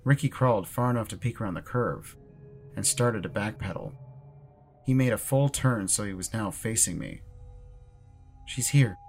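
A low-pitched man reads a horror story in the first person. His delivery is measured and ominous, with faint music underneath. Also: creaky. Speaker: narrator. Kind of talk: scripted horror narration.

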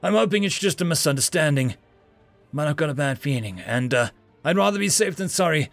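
A man's voice: fairly high pitch, expressive, fairly quick, gravelly, fairly bright tone, no echo, faint music behind. A man voicing a tough woman marine sergeant who speaks in a clipped, commanding way. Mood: stern.

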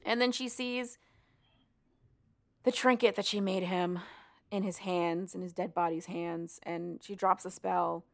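A woman's voice: lowish voice, fairly even intonation, unhurried, vocal fry. A woman co-hosting a podcast, retelling a book's plot in a rambling, casual way with plenty of swearing. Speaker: podcast co-host. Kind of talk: casual book recap chat.

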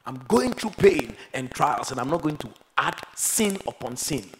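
A man preaching a sermon, moving between quiet, reflective passages and loud, emphatic exhortation. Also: on the high side, big pitch swings, normal speed, a little hiss or hum, rough recording. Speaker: pastor.

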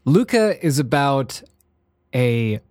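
A man's voice: mid-range voice, sing-song, slow pace, a little mellow, dry recording, studio quality. A man co-hosting a casual podcast chat, playful and laughing often, often trailing off and restarting. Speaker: podcast co-host.

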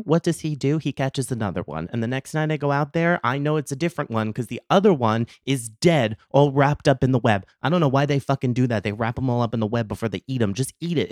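A man's voice: medium pitch, clear, resonant tone, no echo, studio quality. A man hosting a podcast, delivering a casual comedic monologue with lots of swearing and theatrical indignation. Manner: profane, ranting, theatrically indignant. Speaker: podcast host.

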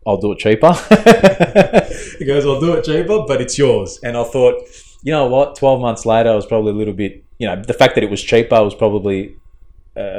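On a laid-back podcast, an Australian co-host who works as a fabricator and tuner spins a long, wandering tale and acts out the dialogue. His voice is lowish with a darkish tone.

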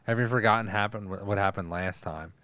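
A podcast host chats casually about a movie, swearing often and acting out its scenes. His voice sits on the low side. The recording is dry and close. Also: fairly quick, no echo. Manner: animated, swears a lot, acts out scenes. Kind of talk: casual chat retelling a movie.

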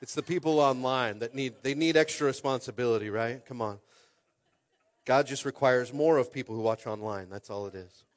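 A pastor in his thirties preaching a lively sermon, acting out quotes and calling out to the congregation. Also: medium pitch, moderate pace. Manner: animated, acts out quotes, keeps calling on the crowd.

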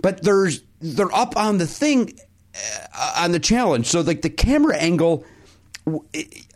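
A man's voice: fairly high pitch, sing-song, unhurried. A man co-hosting a podcast, telling a rambling anecdote in casual chat and acting out the quotes. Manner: rambling storyteller who acts out quotes. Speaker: podcast co-host.

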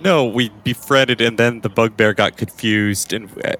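A man's voice: medium pitch, a bit bright. A man playing a tabletop game in a blunt, teasing manner. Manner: blunt, teasing, quick to interrupt. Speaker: player. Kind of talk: tabletop role-play.

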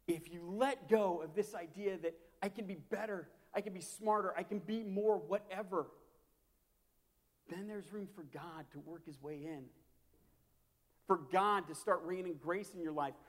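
A man preaching a sermon as a pastor, impassioned and repetitive, swinging from hushed to loud. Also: high-pitched, measured pace. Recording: long hall reverb.

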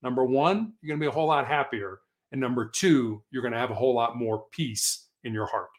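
A man's voice: mid-range voice, fairly quick. A man as an interview guest, telling a story in an earnest, motivational way. He lives in Colorado. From Colorado, USA.

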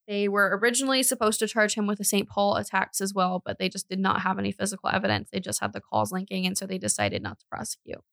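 A woman's voice: mid-range voice, animated, fast, creaky, few pauses, fairly bright tone, no echo. Woman, podcast host, laughs a lot, close dry mic. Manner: laughs often while telling grim details. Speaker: podcast host telling a true crime case. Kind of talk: casual true crime podcast chat.

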